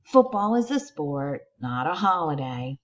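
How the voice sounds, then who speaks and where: A woman voicing a cheerful crocodile-like schoolteacher in a higher, brighter voice. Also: sing-song, measured pace, lo-fi sound. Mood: teacherly.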